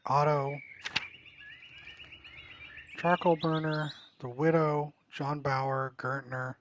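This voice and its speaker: A man's voice: fairly high pitch, little pitch movement, takes it slowly, background noise. Blunt male streamer. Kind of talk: casual game commentary.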